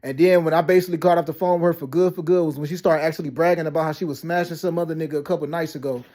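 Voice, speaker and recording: A man ranting to camera about being lied about, talking fast with heavy slang, profanity and many restarts. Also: fairly high pitch, fairly even intonation, mellow. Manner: fast, repetitive storytelling with frequent restarts and "you know what I'm saying". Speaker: vlogger. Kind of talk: rambling personal rant to camera.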